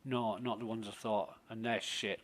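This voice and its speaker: A man's voice: fairly low pitch, fairly even intonation, moderate pace. A man, streaming a game live and giving rambling, profane, sardonic commentary.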